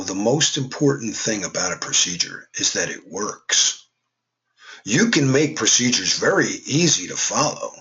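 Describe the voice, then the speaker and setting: A man's voice: lowish voice, fairly bright tone, muffled recording. A man teaching a class in a casual, conversational way, with joking asides. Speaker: instructor. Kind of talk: classroom lecture.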